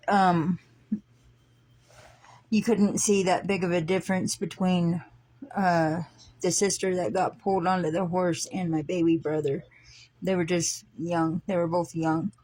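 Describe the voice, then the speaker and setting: Woman, slow and unhurried delivery, casual earnest testimony, hesitant with frequent restarts. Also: lowish voice, a little mellow. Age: older than her siblings by fifteen years; adult. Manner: halting, with many fillers and restarts; earnest, slow-paced retelling. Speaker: dream storyteller.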